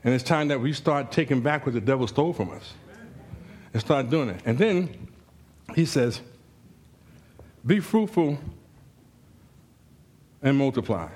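A man preaching a sermon in a church, telling a story with humor and rising, animated exclamations. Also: medium pitch, a little slow, long pauses, breathy edge.

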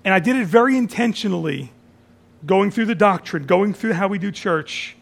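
A high-pitched male pastor delivers a communion sermon. He builds phrases through repetition, dropping to near-whispers and then rising to strong, raised lines. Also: animated, normal speed, creaky. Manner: dramatic swings from soft near-whisper to raised, shouted phrases; repeats phrases for emphasis.

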